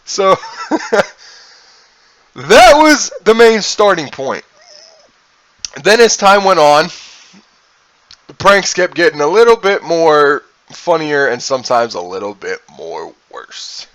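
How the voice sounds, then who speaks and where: A man's voice: a little high, slow pace, pauses often, dry recording, poor audio. A man in his twenties, a streamer, telling crude stories casually and with lots of swearing, often laughing at himself. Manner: animated, profane, laughing at his own tale. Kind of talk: casual storytelling.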